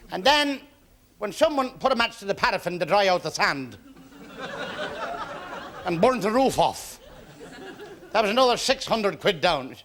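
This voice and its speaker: A man telling a joke on stage as a stand-up comedian, brisk, with gruff voices for his characters. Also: high-pitched, big pitch swings, fairly bright tone. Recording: 1970s TV stage recording with audience.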